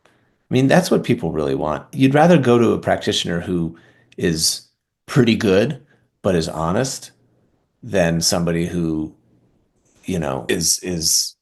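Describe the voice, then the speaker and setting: Man, very low pitch, gravelly, relaxed podcast guest, reflective. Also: a little slow, pauses often. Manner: relaxed, reflective, frequent "you know" fillers. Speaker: oral surgeon guest. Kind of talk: conversational podcast interview.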